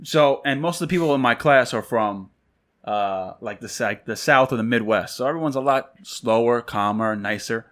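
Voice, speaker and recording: A man's voice: medium pitch, moderate pace. A man from New York telling stories on a podcast, acting out the quotes in a raised voice. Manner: animated, acts out quotes in a raised voice. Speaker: podcast co-host. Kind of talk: casual storytelling chat.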